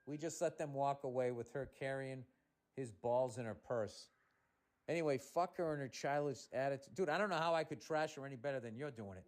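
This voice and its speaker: A man's voice: medium pitch, fairly quick. A man hosting a comedy podcast, reading a listener's letter aloud and breaking in with sarcastic, profane asides.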